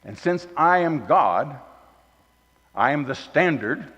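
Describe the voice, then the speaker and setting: A man preaching a folksy sermon at a church, moving between loud emphasis and quiet asides. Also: on the high side, expressive, slow. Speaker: guest speaker at a church. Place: church hall. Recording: dull recording with long hall reverb.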